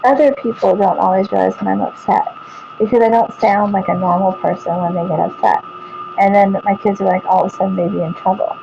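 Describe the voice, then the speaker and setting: A middle-aged woman with a Texan accent talks calmly to her viewers at home, rambling and often restarting her sentences. Her voice has a gravelly edge. The recording is muffled and lo-fi, with a steady hiss of noise behind her. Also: mid-range voice, brisk. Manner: calm, even and rambling, often trailing off and restarting. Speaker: vlogger. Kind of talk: casual talk to camera while showing her computer screen. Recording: dull lo-fi home recording with clear background noise.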